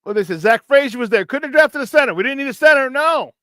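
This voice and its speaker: A man's voice: very high voice, animated, quick pace, pushed and bright, no room sound. A man hosting sports talk radio, ranting in frustration, swearing and mocking others in put-on voices. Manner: frustrated, profane, mocking impressions. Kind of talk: heated sports talk rant.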